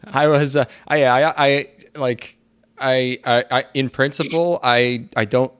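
A young man co-hosting a casual podcast, speaking in halting bursts full of fillers with a wry, deadpan sense of humor. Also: medium pitch, smooth. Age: young adult. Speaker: podcast co-host. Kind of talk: casual chat.

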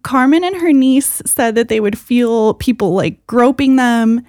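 A woman's voice: a little high, unhurried, darkish tone, no echo, clean studio sound. A woman co-hosting a podcast, telling a story in a casual, rambling way full of fillers. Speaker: podcast co-host.

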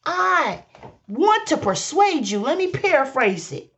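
A woman's voice: sits high, very animated, takes it slowly, fairly bright tone, highs cut off. A woman preaching a fervent sermon, repeating lines for emphasis and calling out to her listeners. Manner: exclaims and hums between phrases.

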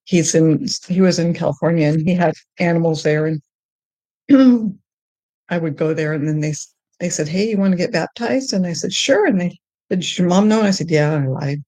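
Low-voiced woman telling her testimony. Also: dry recording. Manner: halting, with many restarts and fillers; grows high and excited when telling of joy. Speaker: guest sharing her testimony. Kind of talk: personal testimony in conversation.

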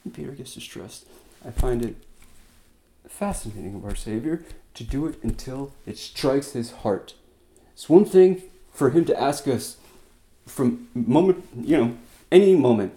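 A man preaching a sermon, retelling scripture in plain conversational words, going from loud emphatic lines to quiet soft ones. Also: medium pitch, sing-song, measured pace, long pauses. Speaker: pastor.

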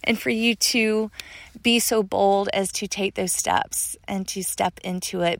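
A woman's voice: medium pitch, fairly even intonation, measured pace, creaky, no room sound. A woman hosting her own podcast, talking in a heartfelt, gushing and spiritual way, full of thanks and "like" fillers. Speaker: podcast host. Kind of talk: heartfelt solo podcast talk.

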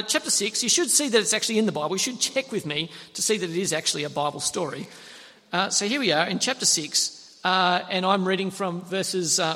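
A man preaches in a lively, animated storytelling style and briefly acts out the characters' lines. His voice sits high and bright. The sound rings with the long reverb of a large hall. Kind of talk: sermon.

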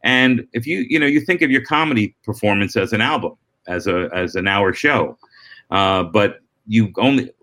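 A middle-aged man, a comedian, answering interview questions in relaxed storytelling with frequent restarts and asides. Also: lowish voice, normal speed. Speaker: comedian and former talk-show warm-up act.

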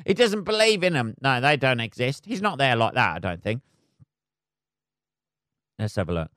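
A man's voice: medium pitch, big pitch swings, a little slow, pauses often, pushed and bright, no echo, clean studio sound. A man hosting a solo podcast, swearing constantly and rambling sarcastically. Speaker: podcast host.

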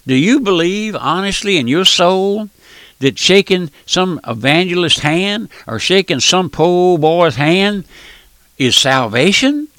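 A man's voice: high voice, sing-song, a little slow, fairly bright tone, dry recording. An older man preaching a radio sermon, emphatic and folksy.

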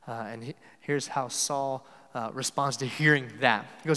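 A man's voice: mid-range voice, fairly even intonation, unhurried, pushed and bright, big-room sound. A man preaching a sermon in a conversational way, often acting out the lines he quotes.

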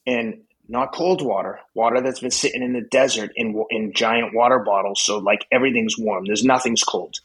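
A husky man in his fifties tells his story as a podcast guest, at a middle pitch. He is blunt and excitable and swears freely as he talks. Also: moderate pace, few pauses, poor audio. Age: 50s. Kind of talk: casual storytelling.

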